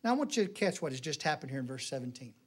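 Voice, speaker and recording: A middle-aged man preaching a sermon in a church, folksy and joking, telling stories with animated delivery. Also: medium pitch, rapid-fire, slightly rough. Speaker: pastor. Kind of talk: sermon with jokes.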